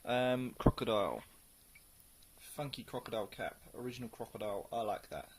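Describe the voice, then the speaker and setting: A man's voice: mid-range voice, animated, fairly quick, slight background noise. A man talking casually through a beer review, rambling a little and full of ums. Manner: chatty and rambling, with many ums.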